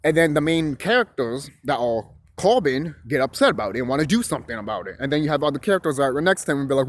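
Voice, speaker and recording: A man's voice: on the high side, very animated, fast talker, hardly any pauses. Rambling, profane young man. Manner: rambling, profane and emphatic, with restarts. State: shivering from the cold. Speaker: vlogger. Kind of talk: rambling casual monologue. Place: outdoors on a chilly hillside.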